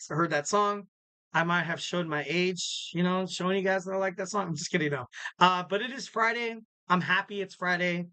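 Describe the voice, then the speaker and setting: A man's voice: fairly high pitch, sharp tone, dry recording. A man hosting a podcast, signing off in a rambling, joking, casual way. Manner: rambling, joking, self-correcting. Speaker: podcast host.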